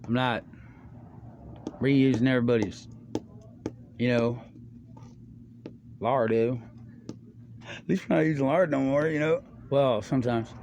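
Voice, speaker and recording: A man's voice: mid-range voice, steady tone, a little slow, long pauses, a little mellow, lo-fi sound, slight background noise. A middle-aged man in a loose, rambling monologue. He talks in a slangy, profane way, drifting from one topic to the next. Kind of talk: rambling stream-of-consciousness monologue.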